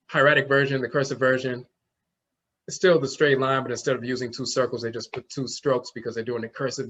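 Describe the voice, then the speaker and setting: A man's voice: mid-range voice, a bit bright. A man teaching an online class, explaining things step by step and sounding out letters as he goes. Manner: explains slowly, demonstrates sounds aloud.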